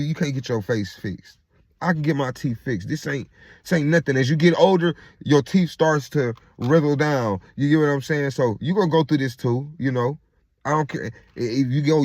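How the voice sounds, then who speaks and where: A man's voice: medium pitch, no room sound. A man venting in a casual monologue, rambling and profane, repeating himself and restarting often, and checking in with "right?" after almost every point. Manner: rambling and profane, with constant "right?" and "you get what I'm saying?" check-ins.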